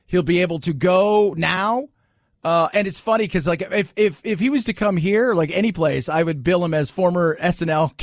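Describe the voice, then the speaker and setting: Animated joking talk radio host, man. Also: high voice, no room sound, clean studio sound. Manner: animated and joking, with mocking put-on voices. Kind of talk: opinionated talk radio monologue. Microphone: studio microphone.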